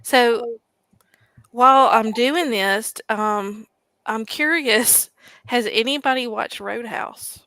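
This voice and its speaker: A woman's voice: on the high side, takes it slowly, sharp tone, no echo. A woman hosting a casual live-streamed chat in an easygoing way. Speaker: host.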